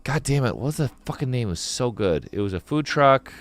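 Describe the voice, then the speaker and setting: A man hosting a live stream, chatting casually with a caller in an excitable, profane way and cutting in with questions. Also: mid-range voice, brisk. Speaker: streamer host.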